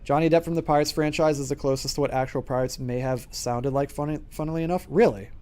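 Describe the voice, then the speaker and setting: A man's voice: a little high, steady tone, quick pace, a little mellow. A man streaming a game, chatting casually and rambling with lots of filler words. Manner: rambling, filler-heavy chatter with frequent laughs. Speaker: gaming streamer. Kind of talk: casual gaming commentary.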